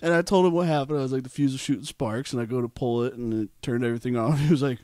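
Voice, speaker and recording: A young man co-hosting a podcast, telling a story in a casual, animated way. He acts out what people said and laughs often. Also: mid-range voice, fast, no echo, studio quality. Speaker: podcast co-host.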